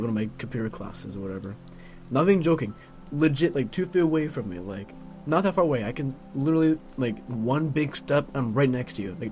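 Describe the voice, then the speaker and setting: A man's voice: mid-range voice, a little mellow. Grumbling teen guy rambling with filler. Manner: grumbling, filler-heavy with constant "like". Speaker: vlogger. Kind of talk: casual rambling monologue.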